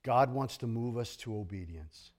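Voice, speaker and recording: A middle-aged man preaching a sermon as pastor, animated and jokey, slipping into grumbling impressions. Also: medium pitch, moderate pace.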